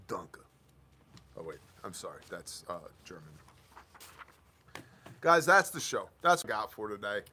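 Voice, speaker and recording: A man with a bright, forward voice hosts a casual live stream. He reads headlines aloud and then riffs on them in a loose, sarcastic way. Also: lowish voice, a little hiss or hum. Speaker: host of a live news-commentary stream.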